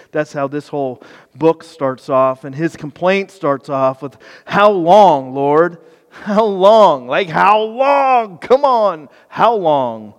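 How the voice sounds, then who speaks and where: A man preaching a sermon with passion, swinging between quiet reflection and loud pleading, with casual asides. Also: mid-range voice. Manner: impassioned, swings from soft to loud. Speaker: pastor. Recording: long hall reverb.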